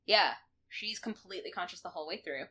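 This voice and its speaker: A woman co-hosting a podcast, recapping episodes in casual chat, animated and quick to laugh. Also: lowish voice, slightly rough. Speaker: podcast co-host.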